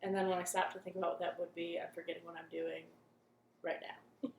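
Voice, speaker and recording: A woman's voice: fairly low pitch, flat delivery, fairly quick, echoey room, slight background noise. A young woman leading a cheerful children's storytime from her living room, chatting and singing simple songs.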